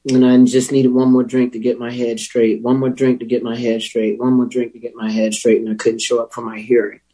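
A man telling his recovery story as a personal testimony, candid and wry, with emotional pauses. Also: medium pitch, little pitch movement, mellow, husky, poor audio. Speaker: speaker sharing a recovery story.

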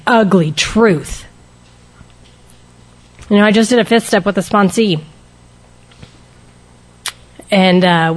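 A woman speaking candidly and emotionally to a recovery group, sharing her personal testimony and shifting her pace for emphasis. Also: mid-range voice.

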